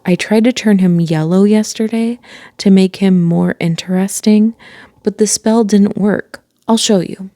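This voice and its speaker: Cheeky chatty schoolboy read by a woman, slow and gravelly, storybook read-aloud. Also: medium pitch, dark tone, no echo, studio quality, natural voice. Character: chatty, cheeky young wizard boy.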